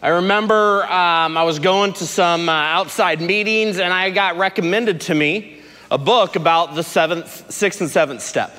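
A man preaching a sermon to a recovery group, telling a story with lively swings from shouting to soft, low speech. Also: normal speed, in a large hall. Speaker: pastor at a recovery ministry. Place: large room with a gathered group.

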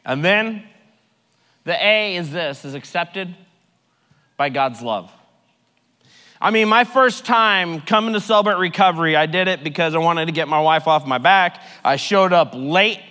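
A man preaching a sermon with personal testimony at a recovery ministry, swinging between loud joking and hushed, earnest delivery. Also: on the high side, unhurried, long reverb tail.

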